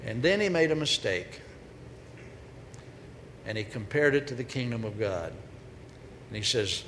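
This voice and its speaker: A man giving a humorous, storytelling sermon as a preacher, with sudden loud bursts. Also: medium pitch, animated, a little slow, pauses often. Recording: echoey hall with faint noise.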